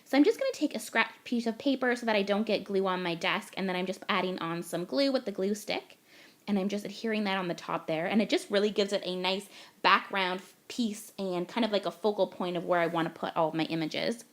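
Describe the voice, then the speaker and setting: A woman's voice: medium pitch, brisk. A young woman from Canada, gushing and chatty as she talks through a card-making tutorial voice-over step by step.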